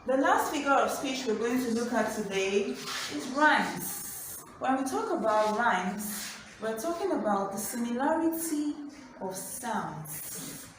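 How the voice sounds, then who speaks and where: Slow-paced teacher in an echoey room. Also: female voice, fairly high pitch, animated. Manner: repeats key points, asks the class questions. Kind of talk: slow, clear online class lesson. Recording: distant mic in an echoey room with background noise.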